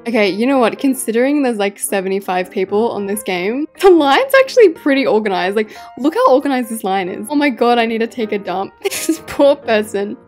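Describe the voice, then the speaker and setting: Excitable high-voiced woman gaming host. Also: a little fast, few pauses, soft background music. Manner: excitable, frequent laughter and exclamations. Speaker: game channel host. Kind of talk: casual gameplay commentary.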